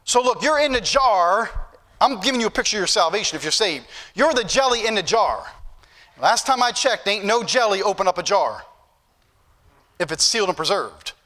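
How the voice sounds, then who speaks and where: A man's voice: high voice, lively intonation, normal speed, pushed and bright. A man preaching a sermon as pastor, folksy and joking at times, then building to emphatic points. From northern United States.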